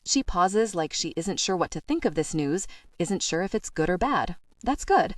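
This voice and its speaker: A woman's voice: on the low side, lively intonation, normal speed, no echo, studio quality. A woman narrating a first-person romance audiobook in a wry, self-deprecating way.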